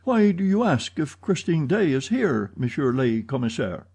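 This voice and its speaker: A man voicing an agitated middle-aged opera manager in an audiobook, pleading and accusing loudly. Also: fairly high pitch, moderate pace, slightly rough, voice pushed up, heavily acted. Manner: excited, pleading, shouting accusations. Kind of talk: audiobook character reading.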